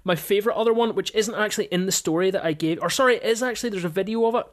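A woman's voice: medium pitch, very fast. A woman hosting a casual sports podcast, telling stories chattily and laughing often. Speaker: podcast host.

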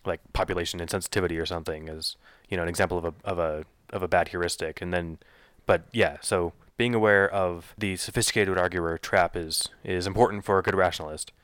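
A man with a very low voice talks fast as a podcast co-host. He rambles and restarts his sentences, working ideas out aloud with analogies. The recording is dry and close. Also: fairly even intonation, a bit bright, clear, resonant tone, dry recording. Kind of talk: casual discussion.

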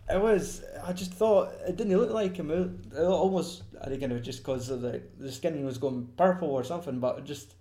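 A man's voice: on the high side, normal speed, hardly any pauses, mellow, echoey room. A young man in casual chat about a film, swearing often, laughing and quoting scenes.

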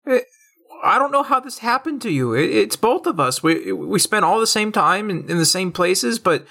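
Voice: mid-range voice, animated, moderate pace, creaky, bright, forceful tone, voice pushed up, heavily acted. A player voicing a stammering, reluctant hero son. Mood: pleading. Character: weary young man, reluctant hero son.

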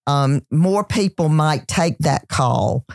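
A woman with a Southern US accent, a chef and entrepreneur telling her story in a casual interview, animated and full of restarts. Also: low voice, takes it slowly, creaky, dry recording, studio quality. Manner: animated, many restarts and "you know"s. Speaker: celebrity chef and entrepreneur, guest.

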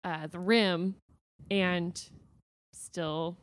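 A woman's voice: fairly low pitch, fairly even intonation, very slow. A woman co-hosting a casual fan podcast, playful and teasing, with dry quips. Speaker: podcast co-host.

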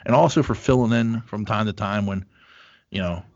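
A man's voice: lowish voice, moderate pace, a little mellow, no room sound, dull audio. A middle-aged man hosting a podcast, chatting casually with lots of fillers and swearing. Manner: rambling, profane, lots of fillers. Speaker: podcast host. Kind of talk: casual chat.

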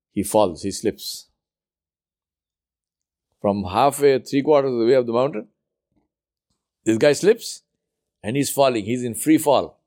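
A man's voice: mid-range voice, darkish tone. A man giving a sermon and telling a teaching story, repeating words for emphasis. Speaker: preacher.

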